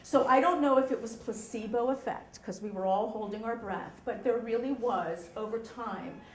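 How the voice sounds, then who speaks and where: Animated woman telling a story on stage. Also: a little high, normal speed, reverberant, a little hiss or hum. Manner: animated, keeps checking in with the audience. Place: story slam venue, live audience.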